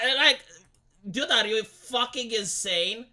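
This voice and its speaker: Bright, animated ranting young woman. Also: a little high, moderate pace. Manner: profane, exasperated, rambling with restarts. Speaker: live streamer. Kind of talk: ranting casual chat.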